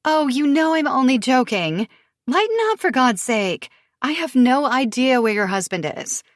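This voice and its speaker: A woman's voice: high-pitched, sing-song, moderate pace, no room sound, studio quality, voice pushed up. A woman narrator voicing a spiteful, sarcastic young woman in an audiobook thriller, mocking and cutting. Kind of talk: audiobook character voice.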